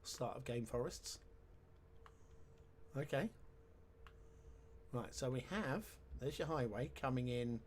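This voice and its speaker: A man's voice: medium pitch, slow, long pauses, a little mellow, a little hiss or hum. Wry man talking through a game. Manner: chatty and wry, with sarcastic asides. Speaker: game commentator. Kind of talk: casual let's-play commentary.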